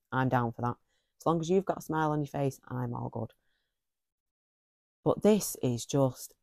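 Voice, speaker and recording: A woman's voice: extremely low pitch, dark tone, dry recording, studio quality. A middle-aged woman giving a casual, effusive book review, often repeating phrases for emphasis.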